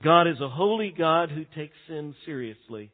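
A man delivers a sermon from the pulpit, his voice pitched a bit high for a man. He rises to loud, emphatic peaks and then falls to quiet, hushed stretches. The sound is thin and tinny, like a phone line. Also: lively intonation, moderate pace. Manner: dynamic preaching, swings from loud to hushed. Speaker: pastor.

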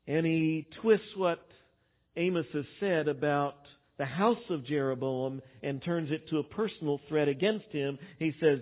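Brief: higher-voiced male preacher, emphatic sermon delivery, narrow tinny recording. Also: a little slow. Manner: emphatic, swinging between loud and quiet. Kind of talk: expository sermon. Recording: tinny phone-like sound.

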